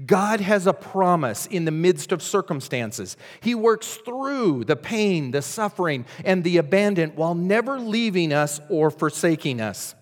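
Dramatic preacher with a high voice. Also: male voice, very animated, unhurried, few pauses. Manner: dramatic, dynamic delivery with acted voices. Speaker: pastor. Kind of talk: sermon. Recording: long hall reverb.

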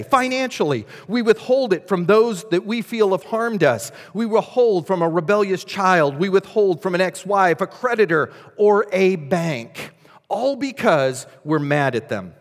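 Pastor, male, higher voice, dynamic sermon delivery, long hall reverb. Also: expressive, moderate pace.

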